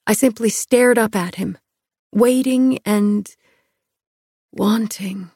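A young woman narrates a first-person romance with a slow, unhurried pace. Her middle-pitched voice turns soft in the quiet moments, and the sound is dry and close. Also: slightly rough, no room sound. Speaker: audiobook narrator.

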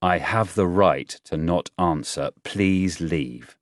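A proper, buttoned-up male professor, stiff and formal, bristling when pushed, as a man reads him. Low voice, close and dry. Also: takes it slowly, no room sound. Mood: cold. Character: polite, formal scientist professor, man, easily offended.

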